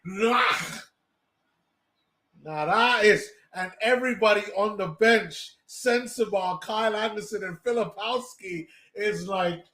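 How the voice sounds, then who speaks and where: A man hosts a live basketball watch party and talks through every play with excitable, chatty energy, tripping over his words and restarting sentences when he gets worked up. His voice sits somewhat high for a man, and it bounces around an echoey room. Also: takes it slowly.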